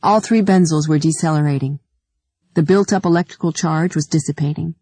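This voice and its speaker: Woman audiobook narrator, dark mellow tone, dry close sound, measured delivery. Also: sits low, slightly rough, no room sound. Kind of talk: scripted narration.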